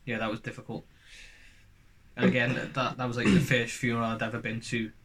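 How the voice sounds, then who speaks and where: A man co-hosting a casual podcast, his voice bright and forward. He talks freely, swears without thinking and cuts in with quick comments. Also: mid-range voice, little pitch movement, gravelly. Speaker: podcast co-host. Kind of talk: casual chat.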